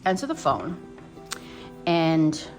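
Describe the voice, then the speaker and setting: A woman's voice: low voice, big pitch swings, slow pace, darkish tone, soft background music. A New woman in her fifties tells a personal story on her doll vlog in a rambling, emotional way, full of restarts. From New York. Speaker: doll vlogger.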